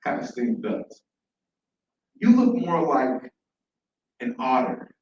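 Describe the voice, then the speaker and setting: A man's voice: mid-range voice, sing-song, slow pace, a little mellow, slight background noise, voice pushed down. A man voicing a ladybug that speaks bluntly and matter-of-factly. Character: fluttering ladybug, confident and blunt. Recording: echoey, dull, from far off.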